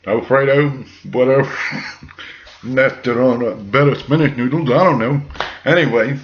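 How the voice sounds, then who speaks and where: A man's voice: medium pitch, muffled recording. A man ad-libbing a bedtime story in a folksy, rambling way full of jokey asides.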